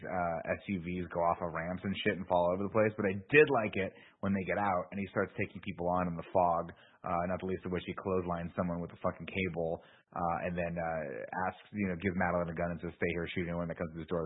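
Man, very deep voice, rapid delivery, husky, tinny phone-like sound, casual podcast chat. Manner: swears freely, retells plot with quoted asides. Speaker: podcast co-host. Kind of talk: casual movie recap chat.

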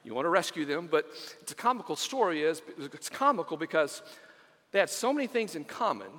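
High-voiced preacher in an echoing hall. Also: male voice, sing-song, fairly quick, a bit bright. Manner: conversational, storytelling, many fillers. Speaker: senior pastor. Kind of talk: sermon.

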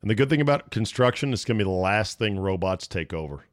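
A man's voice: lowish voice, expressive, fast. Brash, profane man riffing on sports. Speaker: sports talk show host. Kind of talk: casual sports talk.

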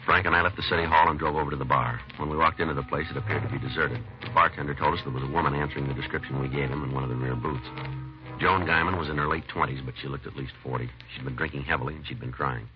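An actor playing a police detective who narrates in a flat, clipped, matter-of-fact way, in an old radio crime drama. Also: male voice, very deep voice, racing, music in the background. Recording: dull lo-fi old radio recording.

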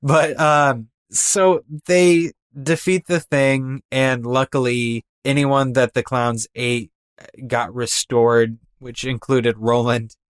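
A man's voice: medium pitch, little pitch movement, slow pace, clean tone, no room sound, studio quality. A man co-hosting a casual podcast, talking animatedly and mimicking voices for effect. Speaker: podcast co-host. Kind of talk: casual chat.

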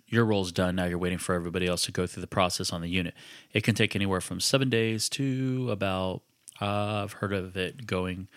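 A man with a very low voice recounts a personal story in relaxed, conversational podcast style. He talks reflectively, often restarting his sentences. The sound is dry and close, with little room around it. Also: no echo. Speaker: podcast host.

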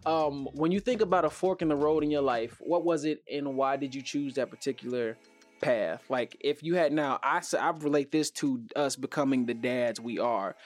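A man's voice: medium pitch, normal speed, soft background music. A young man hosting a casual podcast chat, telling stories in slang and acting out the quotes he tells. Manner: animated, acts out quotes, slangy. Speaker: podcast host.

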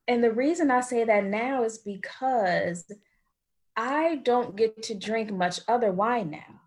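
A woman from the United States talks as a wine expert guest in an interview, chatty and animated, wandering off on tangents. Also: a little high, takes it slowly. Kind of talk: conversational interview answers.

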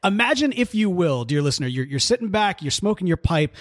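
A man co-hosting a podcast in casual chat, animated and playful, laughing often. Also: high-pitched, fairly quick, no echo, clean studio sound. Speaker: podcast co-host.

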